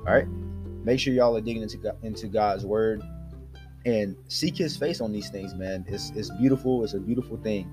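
A man's voice: on the low side, moderate pace, darkish tone, soft background music. A man hosting a devotional podcast, earnestly exhorting his listeners and addressing them directly. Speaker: podcast host.

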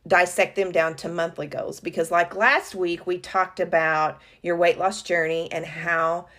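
A woman's voice: on the low side, fairly even intonation, measured pace, fairly bright tone. A woman co-hosting a casual business podcast, talking conversationally with fillers and self-corrections. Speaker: podcast co-host.

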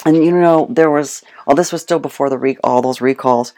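Animated, storytelling guest speaker. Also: medium pitch, brisk. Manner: animated storytelling, acts out quotes; laughs often. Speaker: guest speaking on homemade dog food. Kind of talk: casual chat.

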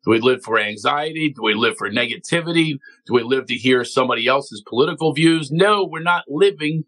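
A comedian guest from Philadelphia, telling stories on a talk show and acting out other people's voices. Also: male voice, medium pitch, a little fast, poor audio. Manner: animated storyteller, acts out voices of others. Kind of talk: energetic talk show chat.

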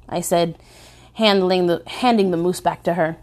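A woman reading her memoir aloud with expressive storytelling, stressing key words. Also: on the low side, normal speed. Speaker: narrator. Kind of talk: memoir narration.

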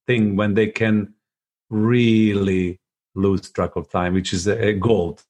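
A man's voice: fairly low pitch, flat delivery, slow, darkish tone. A man hosting an interview, enthusiastic and affirming toward his guest. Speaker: interview host. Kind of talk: conversational interview.

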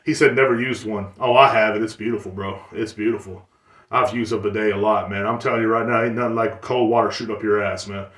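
A man's voice: fairly low pitch, steady tone, quick pace, fairly bright tone. Rambling, boastful man in a roomy space. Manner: rambling, boastful, crude, frequent fillers and restarts. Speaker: podcast host. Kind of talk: casual monologue podcast. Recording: roomy, distant mic.

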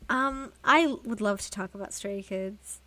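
A young woman chatting casually as a podcast co-host, rambling and animated as she gushes like a fan. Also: medium pitch, measured pace, no room sound. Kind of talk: casual chat.

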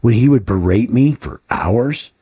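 A man's voice: mid-range voice, lively intonation, measured pace, mellow, husky. A man co-hosting a podcast, talking bluntly and swearing often, firing off rhetorical questions in casual talk. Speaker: podcast co-host.

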